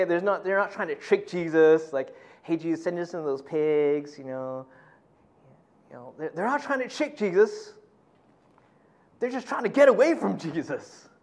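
High-voiced man preaching conversationally. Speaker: pastor. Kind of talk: sermon.

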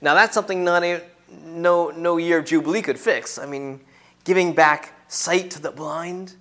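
A man's voice: on the high side, fairly even intonation, moderate pace, a bit bright. A man preaching an earnest sermon, teaching through a Bible passage and repeating key phrases for emphasis.

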